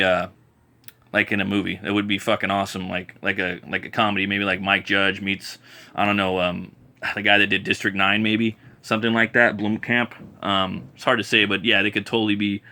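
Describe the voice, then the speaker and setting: A man reviewing comic books in a casual vlog, enthusiastic and rambling, often stalling on fillers and restarting his sentences. His voice is lowish in pitch but bright and forward. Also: little pitch movement, moderate pace.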